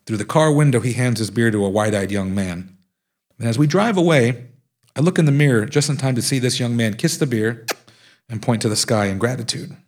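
A man with a husky, slightly breathy voice reads from his own memoir in front of listeners. He slips into lively, animated voices for the quoted speech. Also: mid-range voice, a little fast. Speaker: author reading from his book. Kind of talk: live reading of a nonfiction memoir.

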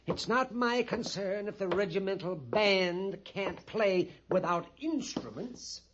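A man's voice: sits high, expressive, slow, background noise. An actor playing a nervous, fussy male storekeeper at an army post in a 1950s radio drama, theatrical and prone to whispering. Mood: fussy, pompous. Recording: dull old radio broadcast recording.

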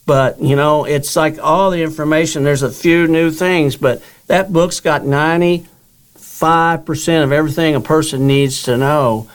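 Older man telling his story, higher voice. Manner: animated storyteller acting out quoted dialogue. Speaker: guest author.

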